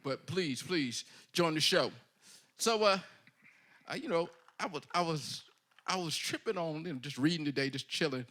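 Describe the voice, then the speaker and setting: Bright-voiced middle-aged man hosting. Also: fairly high pitch, animated, normal speed. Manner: profane, laughing, loose. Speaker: podcast host. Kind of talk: casual banter.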